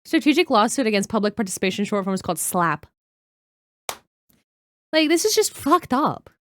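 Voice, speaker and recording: A woman's voice: fairly high pitch, big pitch swings, moderate pace, a little hiss or hum. A young woman streaming a reaction video, talking heatedly, swearing and greeting her chat by name. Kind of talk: casual live-stream reaction.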